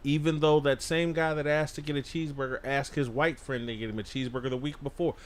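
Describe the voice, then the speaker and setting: A man's voice: medium pitch, steady tone, fast, slight background noise. A man appearing as a guest on a podcast, making blunt, emphatic points in casual political talk.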